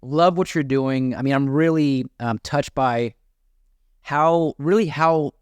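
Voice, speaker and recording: A man's voice: on the high side, takes it slowly, smooth, no echo. Eager podcast host, a man. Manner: enthusiastic, rambling with many restarts. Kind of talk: podcast interview hosting.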